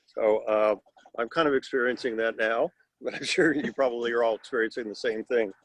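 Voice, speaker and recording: A man's voice: medium pitch, a little fast. A man in his sixties telling a rambling, wry story over a video call at a class reunion. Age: 60s. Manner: rambling, wry, self-deprecating humor. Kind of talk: casual anecdote on video call.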